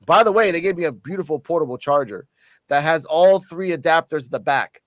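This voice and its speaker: A man from Puerto Rico telling a story in a casual, animated vlog, cursing freely and sounding a little tipsy. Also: on the high side, fairly quick, dry recording. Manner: profane, animated, excited storytelling. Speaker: channel host.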